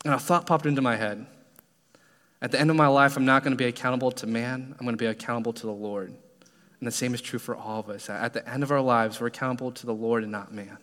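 A man's voice: medium pitch, steady tone, quick pace, a bit bright. A young man giving a sermon and telling a personal story in an earnest way, acting out his own prayers. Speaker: youth pastor. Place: church sanctuary. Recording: long reverb of a church hall.

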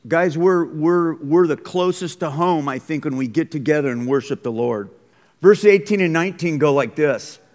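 A man's voice: a little high, moderate pace, darkish tone. A man preaching a conversational, emphatic sermon as pastor, recorded in a school gym. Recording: long hall reverb.

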